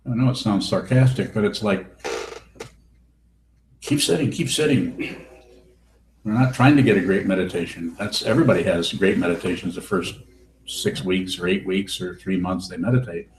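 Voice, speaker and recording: A Buddhist teacher gives a dharma talk and fields questions in a blunt, wry, teasing manner. His voice sits low, he speaks at a normal speed, and he pauses often. The recording was made in a roomy hall with faint background hiss.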